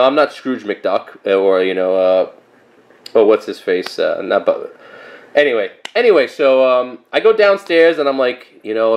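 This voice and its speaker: A man in his thirties talking casually and rambling through a comic book haul, with lots of fillers and animated asides. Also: fairly low pitch. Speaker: comic collector vlogger.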